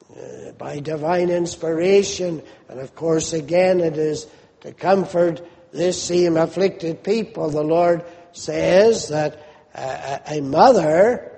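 A man preaching a sermon slowly and emphatically, his voice rising sharply when he quotes questions. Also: a little high, mellow, big-room sound.

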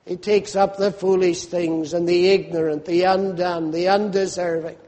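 High-pitched preacher man going slow and fervent, big hall echo. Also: flat delivery, warm tone. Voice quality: fervent, swelling and falling emphasis. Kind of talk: sermon. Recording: long hall reverb.

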